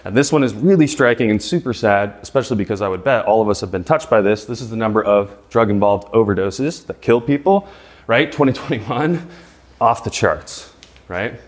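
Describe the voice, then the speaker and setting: A man in his thirties giving a live presentation to an audience. He speaks emphatically and rhetorically, keeps asking "right?", and stumbles over repeated words when he gets excited. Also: on the low side, brisk.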